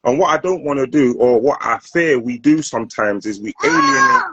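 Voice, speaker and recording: A man's voice: medium pitch, wildly swooping pitch, a little fast, muffled recording, noisy background. A man hosting a casual discussion, asking earnest, probing questions and stressing his points with feeling. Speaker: host.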